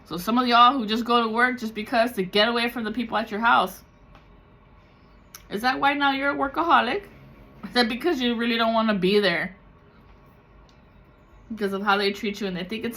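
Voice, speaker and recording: A woman's voice: fairly high pitch, moderate pace, a bit bright. A woman tarot reader talking raw and confessional in a personal vlog, swearing freely and slipping into the voices of people she quotes. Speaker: tarot reader and spiritual content creator. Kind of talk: candid emotional personal vlog.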